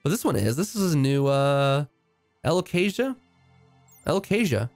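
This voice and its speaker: A man's voice: medium pitch, expressive, moderate pace, darkish tone, no echo, soft background music. A man giving casual, upbeat commentary while playing a video game, thinking aloud with frequent fillers and restarts. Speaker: game streamer.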